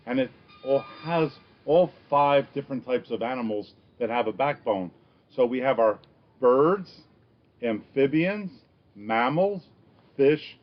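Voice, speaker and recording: Man teaching young kids, dull recording. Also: medium pitch. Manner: encouraging, speaking slowly and plainly to young kids. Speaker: children's science educator. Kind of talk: reading aloud and teaching a craft activity to children. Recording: slightly dull recording with faint background noise.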